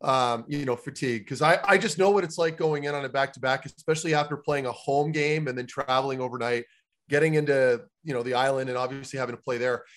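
A man's voice: mid-range voice, fast talker, a bit bright. A man co-hosting a casual podcast, chummy and joking, swearing casually as he asks questions. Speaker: podcast co-host.

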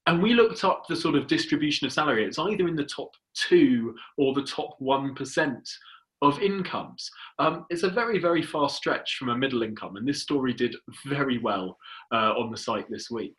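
A man hosting a political podcast, talking in a measured, dry way with hesitant fillers. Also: mid-range voice, lively intonation, fairly bright tone, poor audio. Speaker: podcast host. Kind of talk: casual political chat.

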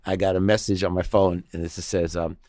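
A middle-aged man talks in a lowish voice, spinning casual anecdotes about his work as a musician and producer. He slips into the voices of the people he quotes. The sound is close and dry. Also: flat delivery, fairly quick, a little mellow, dry recording. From Long Island, New York. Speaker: guest, session musician and producer. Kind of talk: casual storytelling interview.

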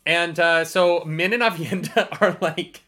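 Bright-voiced chatty woman podcaster. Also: fairly low pitch, steady tone, a little slow. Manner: chatty, swears freely, trails off with fillers. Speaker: podcast co-host. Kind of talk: casual book club chat.

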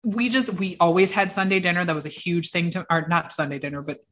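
A young woman, an interview guest, telling personal stories in an animated way and acting out the voices of the people she quotes. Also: on the low side, fast talker. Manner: acts out quoted voices, lively. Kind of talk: animated storytelling.

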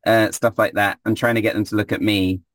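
A man playing a tabletop game, relaxed and quick to chuckle, with plenty of ums in his speech. His voice sits on the low side. The sound is dry and close. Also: dry recording. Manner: laughing, relaxed, filler-heavy. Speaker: player. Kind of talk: casual tabletop play.

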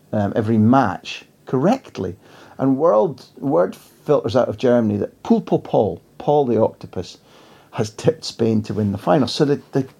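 A man tells a long story as an interview guest, drifting and wry as he goes. His voice is gravelly and dark. His pitch sits in the middle range. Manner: rambling, wry. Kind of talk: casual anecdotal storytelling.

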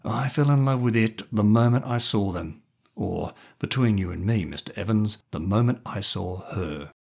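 A man's voice: fairly low pitch, vocal fry, a little mellow, breathy edge. A man doing a pompous old country colonel. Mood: hushed, adoring. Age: older. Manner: pompous, lordly, drawn-out speech.

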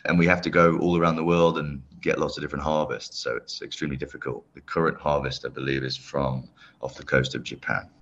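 A British man appears as a guest on a podcast interview, where he heads a longevity company and talks enthusiastically about his work. His voice is low and rumbling, with a fairly bright, slightly rough tone. The recording sounds dull and lo-fi.

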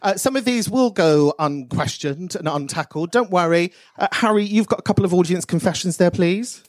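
A man's voice: high voice, normal speed. A man hosting a live podcast show in front of an audience, bantering, swearing and laughing often. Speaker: podcast host.

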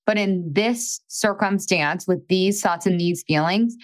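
A woman's voice: medium pitch, measured pace. A woman podcast host coaching a listener in a frank, chatty way, swearing casually and filling her talk with "like".

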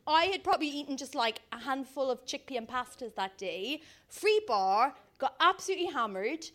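Lively high-voiced woman. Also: moderate pace. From Ireland. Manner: lively, self-mocking, laughs through her story. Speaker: guest storyteller. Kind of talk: comic anecdote on a live podcast.

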